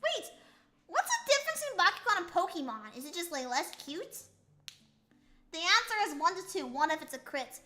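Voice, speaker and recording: Young woman streamer, high and bright voice, goofy rambling chat, slight S lisp. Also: very animated, moderate pace, soft background music. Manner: goofy, rambling, playful tongue-twister attempts. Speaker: VTuber streamer. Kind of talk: casual live-stream chat reading chat.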